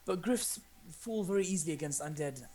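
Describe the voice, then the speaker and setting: A British man with a high voice co-casts a strategy game. He breaks in with eager exclamations, and his voice sounds a little distant from the mic. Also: lively intonation, darkish tone, a little hiss or hum. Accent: British English. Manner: enthusiastic, quick exclamations. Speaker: co-caster. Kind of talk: casual game commentary.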